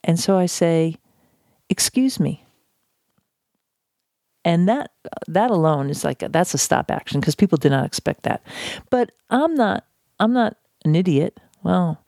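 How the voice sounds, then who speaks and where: Woman, low voice, mellow tone, measured reflective talk, pauses and repeats for emphasis. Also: lively intonation, no echo, clean studio sound. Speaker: speaker on conflict de-escalation. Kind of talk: talk on civility.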